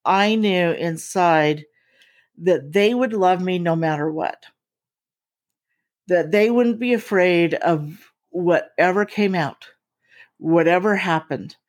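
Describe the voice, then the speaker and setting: A woman hosting a casual conversation, speaking in a slow, reflective, heartfelt way. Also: lowish voice.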